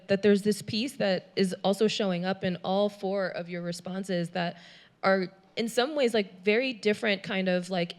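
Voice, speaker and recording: A woman moderates a panel with a slightly low voice. She is chatty and affirming, summing up what the panelists said.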